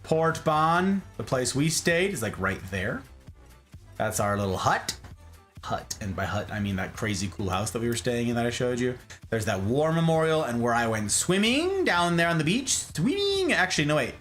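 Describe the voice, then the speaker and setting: A male podcast host speaks at a normal speed over faint background music. Showing travel snapshots on his casual talk show, he keeps things jokey and animated, his voice jumping in pitch for emphasis.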